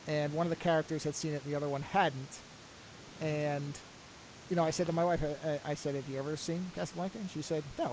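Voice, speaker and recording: With a voice on the high side and slight background noise behind him, a middle-aged podcast co-host chats casually. He rambles, restarting sentences and drifting into asides.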